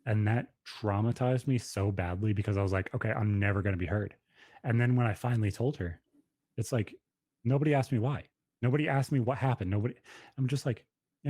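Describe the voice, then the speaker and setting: A man's voice: medium pitch, dark tone, slightly rough, dry recording. A man in his thirties telling a personal story on a podcast in a blunt, profane, emphatic way. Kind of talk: casual podcast conversation.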